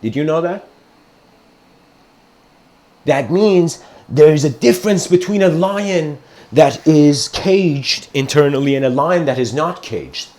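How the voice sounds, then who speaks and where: A man giving a casual spiritual lecture, telling a story in a rambling, animated way with frequent laughs. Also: on the high side, takes it slowly, pauses often. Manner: rambling, animated, laughs often, says "you know".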